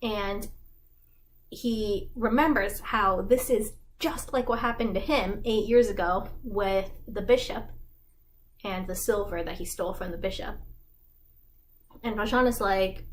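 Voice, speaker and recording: A woman's voice: medium pitch, a little slow, slight background noise, rough recording. A woman giving a casual, slangy plot summary, chatty and full of likes. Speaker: fandom explainer host.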